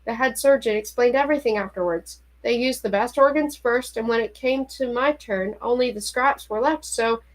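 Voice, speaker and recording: Fussy, nervous male professor from an audiobook, defensive and apologetic, read by a woman in a light, fairly high voice. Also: moderate pace, hardly any pauses, lightly acted.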